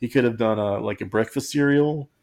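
A man's voice: medium pitch, brisk, gravelly, darkish tone. A man co-hosting a podcast in casual, joking chat, rambling and acting out quotes in silly voices. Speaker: podcast co-host.

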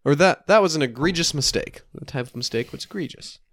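A man's voice: fairly high pitch, lively intonation, fast, fairly bright tone, dry recording, studio quality. A man co-hosting a casual chat while playing word games, joking and playfully defensive. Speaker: co-host.

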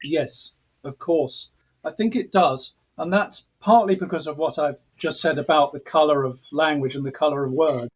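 A man's voice: on the high side, moderate pace, slightly rough. A middle-aged English composer answering interview questions in a reflective way, often restarting his sentences. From England. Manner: reflective, restarts sentences, mimics accents playfully. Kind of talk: thoughtful interview talk. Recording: dull lo-fi audio.

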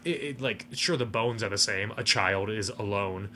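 Bright-voiced guy cohosting a movie podcast, kinda sardonic, light hiss in the background. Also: fairly low pitch, moderate pace. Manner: analytical, hedging, sardonic asides. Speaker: podcast co-host. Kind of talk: casual movie review chat.

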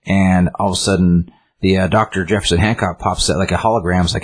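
A man's voice: low voice, steady tone, quick pace, husky. A man casually retelling a comic book's plot and reviewing it, rambling with many fillers and restarts. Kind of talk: casual chat retelling a story.

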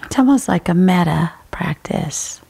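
A woman hosting a podcast, speaking in a warm, unhurried, appreciative way. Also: fairly low pitch, lively intonation, creaky, husky. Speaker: podcast host. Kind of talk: podcast interview.

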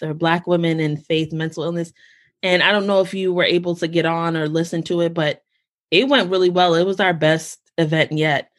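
A woman guest on a podcast, in casual, animated conversation, talking in quick bursts and restarting her sentences often. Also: fairly low pitch. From United States. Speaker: podcast guest, founder of a mental health community.

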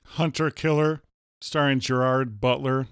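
A man's voice: medium pitch, fairly even intonation, a little slow, clear, resonant tone, dry recording. A man co-hosting a casual movie podcast, giving blunt, matter-of-fact answers with a dry wit. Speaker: podcast co-host.

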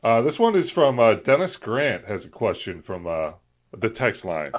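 A man's voice: on the low side, big pitch swings, normal speed. A man hosting a radio talk show, introducing segments and reading listener questions in a casual way. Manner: reads segments and the call-in number, short reactions.

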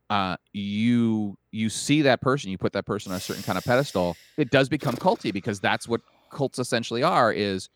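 Low-voiced man in dry podcast chat. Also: no room sound. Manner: thoughtful, opinionated, self-correcting. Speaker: podcast co-host. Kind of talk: casual chat.

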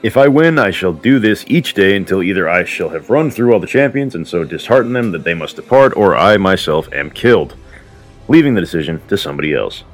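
A man's voice: low voice, animated, a little fast, soft background music. A man voicing a proud warrior prince who speaks in a formal, declamatory way. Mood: resolute. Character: proud male warrior prince, bold and commanding.

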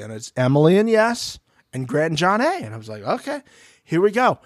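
A man's voice: on the high side, brisk, no room sound, studio quality. A man co-hosting a podcast, recapping a reality show in casual chat, swearing and acting out what people said. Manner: animated, swearing, acts out quotes. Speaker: podcast co-host.

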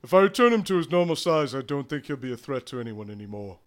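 A man's voice: medium pitch, sing-song, fast, natural voice. A man voicing a pompous, flirtatious male paladin who speaks in grand, syrupy tones. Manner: grandiose, syrupy pet names.

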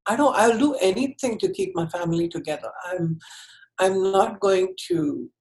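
A woman telling her personal story in an interview, candid and earnest, often halting and restarting her sentences. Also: mid-range voice, a little mellow, low-quality recording.

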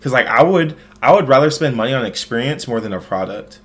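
A man's voice: mid-range voice, lively intonation, quick pace. A young man from the United States chats loosely on his podcast. His delivery rambles and jokes, filled with "like" and restarts. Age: young adult. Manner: rambling, joking, heavy use of "like". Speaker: podcast host. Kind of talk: casual chat.

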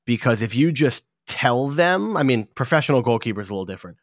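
A man's voice: medium pitch, fast, no echo, clean studio sound. A man hosting a casual sports talk show, telling stories with energy and swearing now and then. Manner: animated storytelling, swears casually. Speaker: podcast host.

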